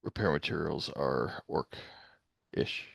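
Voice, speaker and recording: A man's voice: rumbling low, slow, gravelly, fairly bright tone, slightly rough, no echo. A man playing in a tabletop game, making casual joking asides. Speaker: player.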